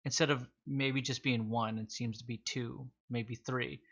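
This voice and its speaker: A man with a slightly rusty voice from sinus trouble, game master slowly building suspense in a tabletop game. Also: mid-range voice, steady tone, creaky, a bit bright, lo-fi sound, slight background noise. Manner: slow, suspenseful descriptions with fillers and restarts.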